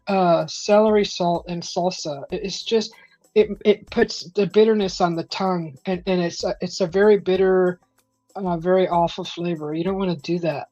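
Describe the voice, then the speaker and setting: A woman hosting a live stream, chatting casually and animatedly, acting out the voices in her stories. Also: lowish voice. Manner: animated, acts out quoted voices. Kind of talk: casual storytelling chat. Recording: slightly dull stream audio with faint music.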